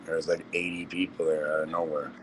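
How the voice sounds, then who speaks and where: Man, very low voice, relaxed storyteller who swears, faint background hiss. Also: quick pace, low-quality recording. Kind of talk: casual group chat.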